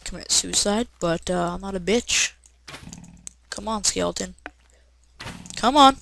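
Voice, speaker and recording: Excitable rambling woman gamer. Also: medium pitch, a little slow, gravelly, a little hiss or hum, rough recording. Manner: rambling and excitable, with many "uh" fillers and bursts of shouting. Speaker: gameplay commentator. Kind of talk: casual let's-play commentary.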